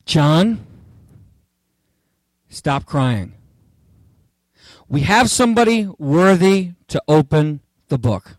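A male preacher delivers an expository sermon with theatrical energy, joking with his congregation as he reads and explains. His voice sits high and swings widely in pitch. The recording is dry and close, with no room sound. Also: animated, moderate pace, long pauses, no room sound.

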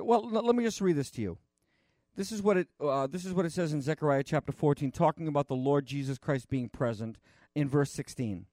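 A man preaching a conversational sermon, rambling and animated, with frequent restarts and fillers. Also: a little high, dry recording, clean studio sound.

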